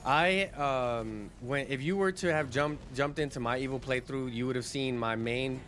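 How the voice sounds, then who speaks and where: A man's voice: medium pitch, normal speed, slight background noise. A man streaming a game, chatting casually and rambling to his viewers. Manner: relaxed, rambling, with restarts and fillers.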